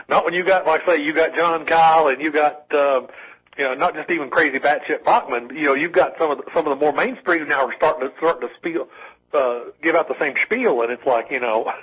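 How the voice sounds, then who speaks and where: A man's voice: a little high, brisk, husky. Rambling man on lo-fi radio. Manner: rambling, many restarts, wry asides. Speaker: call-in co-host. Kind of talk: casual political talk radio chat. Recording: dull lo-fi radio broadcast.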